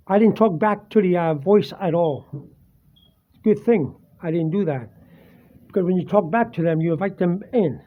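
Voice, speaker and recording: A man sitting at his dining table, earnestly recounting a personal ghost encounter with halting fillers and restarts. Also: high-pitched. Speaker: vlogger. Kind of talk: casual first-person storytelling. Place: home dining room, seated at a table. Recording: dull lo-fi home recording.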